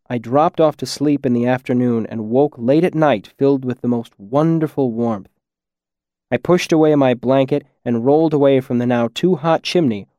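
Man reading a quiet audiobook. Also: mid-range voice, dry recording, studio quality. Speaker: audiobook narrator. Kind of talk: first-person audiobook narration.

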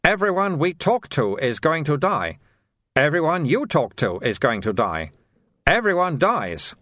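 Man doing a cheerful, calm high-voiced monk. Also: normal speed, dry recording. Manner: cheerful, calm and gently teasing.

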